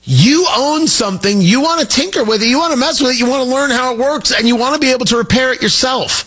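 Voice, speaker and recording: A man's voice: extremely high pitch, fast talker, fairly bright tone, husky. A middle-aged man hosting a talk radio show, delivering an emphatic, opinionated monologue with joking asides into a studio microphone.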